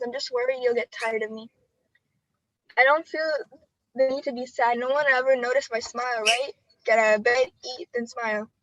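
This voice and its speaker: A teenage girl with a high voice reads her spoken word poetry over a video call, earnest and emotional. The sound is dry and a little muffled, without much room tone. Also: dry recording. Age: teens. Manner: earnest, emotional delivery with nervous laughs between poems. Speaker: student poet.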